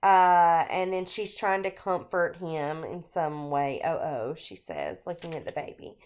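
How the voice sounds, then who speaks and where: In a recorded screencast, a teacher walks through a short story in a relaxed, explanatory manner, filling pauses frequently. She has a fairly low, slightly mellow, smooth voice.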